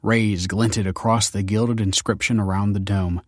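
Brief: male audiobook narrator, low pitch, dry close sound, even delivery. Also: a little slow, no echo. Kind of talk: scripted narration.

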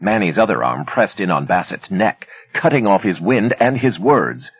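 Deep, husky male audiobook narrator. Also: moderate pace, lo-fi sound. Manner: dramatic, expressive reading. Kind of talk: scripted narration.

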